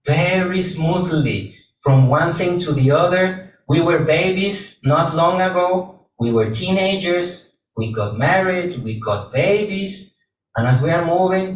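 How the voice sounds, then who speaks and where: Monk giving a dharma talk, kinda high voice, keeps asking the crowd stuff and laughing, non-native english, far from the mic in an echoey hall. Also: male voice, a little hiss or hum. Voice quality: playful questioning, laughs often, non-native English phrasing. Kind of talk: sermon. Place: hall with an audience.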